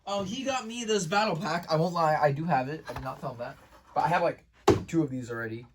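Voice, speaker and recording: Casual vlogger, male, slightly higher voice, excitable rambler, heavy on fillers, recorded a bit off-mic. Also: fast talker, far from the mic, slight background noise. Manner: rambling, filler-heavy, says "like" and "bro" constantly; excitable, restarts sentences often. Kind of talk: casual daily vlog recap.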